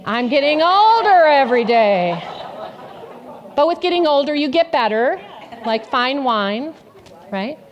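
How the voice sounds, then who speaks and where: A woman's voice: high voice, expressive, unhurried, muffled recording. A woman pastor giving an interactive sermon in a church, asking the congregation questions and repeating their answers back. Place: church sanctuary.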